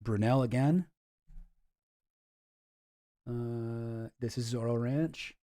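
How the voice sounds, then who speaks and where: A man's voice: medium pitch, very slow, warm tone. A man giving casual, sarcastic commentary on photos, rambling and swearing freely. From Canada. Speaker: online commentator.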